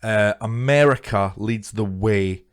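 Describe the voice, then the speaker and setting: A man's voice: on the low side, clean tone. A man, a comedian co-hosting a podcast, chatting casually and laughing often. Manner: easygoing, laughs often, quick agreeing asides. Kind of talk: casual chat.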